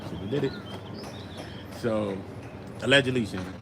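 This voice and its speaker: A young man from Brooklyn with a New York accent, hosting a casual commentary show in an animated, slangy, riffing way. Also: on the low side, moderate pace, vocal fry, background noise. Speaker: show host.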